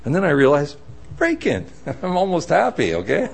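A man delivers a sermon in a lively storytelling way, slipping into the voices of the people in his anecdotes. His speaking voice sits a touch higher than most men's. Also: fairly quick, gravelly, slightly rough. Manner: animated storytelling, acting out voices. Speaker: preacher.

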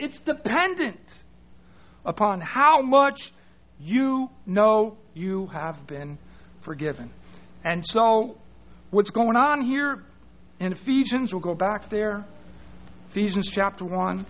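A man's voice: high-pitched, highs cut off. A man preaching a sermon, emphatic, putting questions to his listeners and often restarting his words. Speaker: pastor.

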